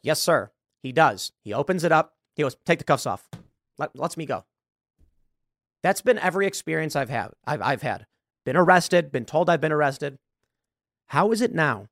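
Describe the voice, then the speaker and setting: A podcast host with a bright, somewhat high male voice tells a long story in a monologue, acting out the dialogue. The recording is dry and of studio quality.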